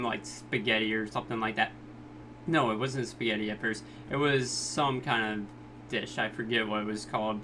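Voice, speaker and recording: Male reviewer, slow unhurried delivery, mid pitch, casual recap tone, faint hum behind. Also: sharp tone. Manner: laid-back, chuckling, slips into exaggerated quoted voices. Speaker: anime reviewer.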